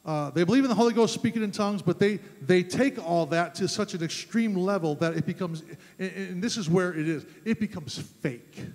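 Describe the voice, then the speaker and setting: A man preaching a sermon as pastor, emphatic, rising to loud fervent peaks. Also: sits high, brisk. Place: church sanctuary. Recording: long church reverb.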